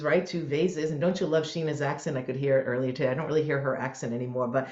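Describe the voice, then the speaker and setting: Lively motivational woman in a roomy space. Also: deep voice, fast talker. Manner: enthusiastic, motivational, animated storytelling. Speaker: co-host, mindset coach. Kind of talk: casual podcast chat. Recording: roomy, dull lo-fi sound.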